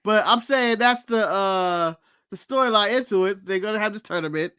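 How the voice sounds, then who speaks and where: A man's voice: sits high, normal speed, sharp tone, smooth. An American man co-hosting a wrestling podcast, chatting casually with blunt, crude jokes. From United States. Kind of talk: casual chat.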